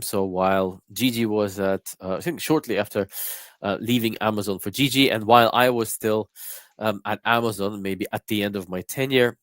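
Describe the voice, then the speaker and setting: A congested, slightly croaky man co-hosting a live stream on a video call, relaxed and full of fillers. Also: on the low side, no echo. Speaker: co-founder and interview coach.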